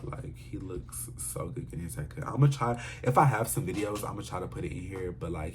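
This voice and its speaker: Animated lower-voiced man telling a story. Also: a little hiss or hum. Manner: animated, dramatic storyteller with slangy asides to viewers. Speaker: vlogger telling a personal story. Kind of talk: casual storytime vlog.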